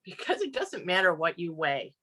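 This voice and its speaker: A woman telling jokes to a live audience at a community evening, animated, laughing at her own punchlines and shifting her voice for each character. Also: fairly low pitch, moderate pace, a loud crowd, low-quality recording. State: tired. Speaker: amateur comedian at a community event.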